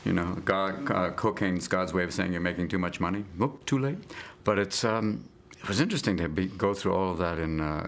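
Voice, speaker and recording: Gravelly-voiced comedian riffing manically. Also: male voice, low-pitched, fairly even intonation, fairly quick, hardly any pauses, a little hiss or hum. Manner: manic, jumps between impressions and shouts. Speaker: comedian interviewee. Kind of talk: rapid comic riffing with put-on voices.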